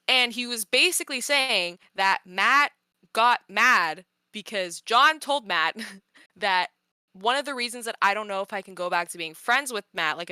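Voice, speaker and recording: A young woman host retelling a personal story in casual podcast chat, animated and exasperated, laughing often. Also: medium pitch, dry recording.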